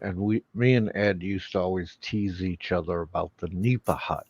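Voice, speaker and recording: A man speaking slowly and hesitantly in a casual chat, with many fillers. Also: deep voice, darkish tone, slightly rough. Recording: dull lo-fi stream audio.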